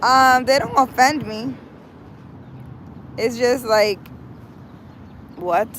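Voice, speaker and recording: A woman's voice: on the high side, very slow, a bit bright. A woman from New hosting a casual live stream, reading out viewer comments and answering them frankly, with lots of fillers. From United States. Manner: chatty, frank, talks straight to viewers with many fillers. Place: outdoors in a city. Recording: outdoor wind and traffic noise.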